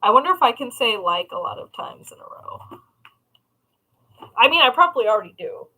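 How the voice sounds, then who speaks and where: A woman's voice: on the high side, very animated, brisk, pushed and bright, rough recording. A young woman hosting a crafting livestream from home, rambling in casual chat, swearing freely and laughing at herself.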